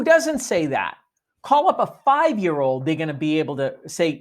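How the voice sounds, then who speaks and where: A man's voice: on the high side, animated, moderate pace. A man giving a sales training talk, coaching listeners and acting out sample phone greetings. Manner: coaching, demonstrates phone lines.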